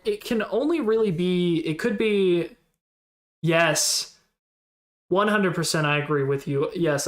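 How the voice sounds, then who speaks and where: A streamer in casual live-stream commentary, thinking aloud in a rambling, unsure way and replying to chat in passing. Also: mid-range voice.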